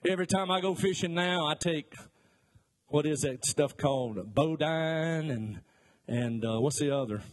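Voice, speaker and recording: Speaking a little slowly in a fairly high-pitched voice, a middle-aged pastor delivers a sermon as folksy storytelling, sprinkling in jokes and asides and acting out the voices of the people he describes.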